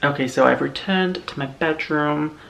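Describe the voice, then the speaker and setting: Gravelly, rambling man vlogging. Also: on the high side, normal speed, a little hiss or hum. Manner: rambling, relaxed, self-correcting. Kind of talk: casual chat to camera. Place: home room, indoors.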